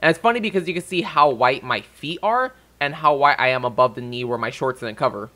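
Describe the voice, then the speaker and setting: Bright-voiced young man, profane rant. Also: mid-range voice, lively intonation, brisk. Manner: profane and heated. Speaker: vlogger. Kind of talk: casual rant.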